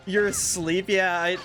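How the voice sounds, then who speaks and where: A young man streaming a game, chatting casually with his viewers, laid-back, laughing often and swearing freely. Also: extremely high pitch. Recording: faint music behind.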